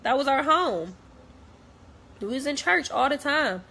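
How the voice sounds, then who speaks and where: A woman's voice: high voice, animated, unhurried, gravelly, sharp tone. A young woman talking straight to camera, blunt and heated, repeating herself as she vents. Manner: blunt, repetitive, heated, profane. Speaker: vlogger. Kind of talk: direct-to-camera rant.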